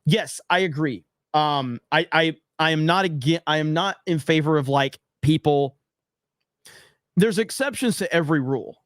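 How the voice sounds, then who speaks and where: A man hosting a livestream, reading viewer comments in an animated, blunt, profane way. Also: on the high side, moderate pace, no echo, clean studio sound. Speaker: livestream host.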